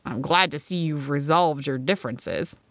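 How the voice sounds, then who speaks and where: A woman's voice: low voice, normal speed, no echo. A woman voicing a teasing young woman friend in an audiobook.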